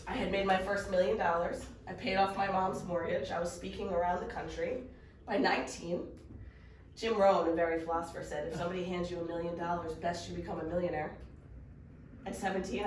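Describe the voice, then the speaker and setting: A middle-aged woman coaching a live workshop audience, telling a story with quick, animated energy. Her voice carries the echo of the room and sits back from the mic, with a faint room hum underneath. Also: medium pitch. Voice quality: animated, fast storytelling with laughs. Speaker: mindset coach. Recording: echoey room, voice from far off.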